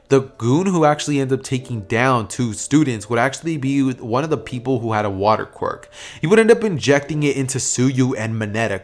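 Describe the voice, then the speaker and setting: A man casually narrating a fan-made what-if story, rambling and thinking aloud, correcting himself as he goes. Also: mid-range voice. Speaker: YouTube storyteller.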